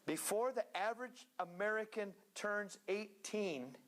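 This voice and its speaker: A man preaching a sermon in a church, earnest and steady, now and then slipping into joking asides. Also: sits high, measured pace.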